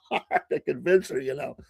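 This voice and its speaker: A man's voice: fairly high pitch, vocal fry, darkish tone, slightly rough, no echo. A middle-aged man, hosting a morning show and telling rambling, chatty stories full of asides and self-corrections. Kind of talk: casual storytelling.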